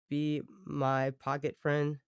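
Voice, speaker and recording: Chatty streamer rambling to chat, smooth clear voice, dry sound. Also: medium pitch, monotone, drawn-out words, no echo. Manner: rambling, chatty, keeps thanking viewers. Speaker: livestreamer. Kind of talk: casual livestream chat with viewers.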